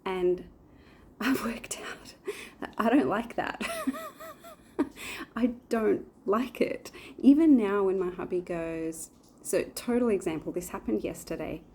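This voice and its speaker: A woman's voice: mid-range voice, takes it slowly, long pauses, dark tone, a little hiss or hum. A woman in her forties chatting casually to camera in a rambling way, with lots of fillers. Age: 40s. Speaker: vlogger. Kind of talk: casual chat.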